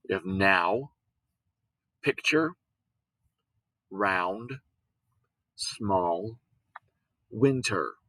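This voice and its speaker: A man teaching a lesson, patient, repeating words and sounding them out slowly. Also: fairly low pitch, a bit bright, no echo, low-quality recording. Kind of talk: recorded classroom lesson on syllables.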